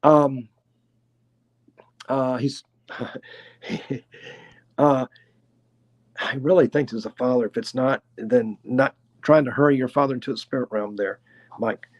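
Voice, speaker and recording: A man with a Tennessee accent doing a live clairvoyant reading, talking in an unhurried, chatty way and hedging his guesses. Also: mid-range voice, steady tone, highs cut off. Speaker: clairvoyant medium.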